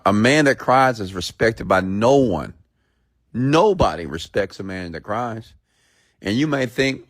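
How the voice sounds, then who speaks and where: Bluntly preaching at his viewers, a man hosting a live stream rants in a voice on the low side. He reads their comments out loud and keeps asking "okay?"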